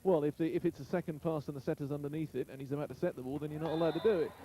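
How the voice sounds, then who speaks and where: Quick-talking male expert co-commentator. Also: a little high, fairly even intonation, noisy background. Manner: explanatory, matter-of-fact analysis. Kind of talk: sports analysis commentary.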